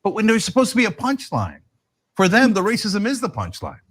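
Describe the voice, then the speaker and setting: A man's voice: high-pitched, a little fast. A man co-hosting a political talk show, sarcastic and laughing as he talks. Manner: animated, sarcastic, laughs while talking. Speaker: co-host. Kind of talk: casual political commentary.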